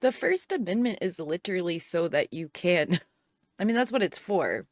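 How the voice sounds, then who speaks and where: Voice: medium pitch, expressive, normal speed, no echo, clean studio sound. A speaker in a played clip, talking casually and working through a thought with fillers. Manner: casual, thinking aloud with fillers.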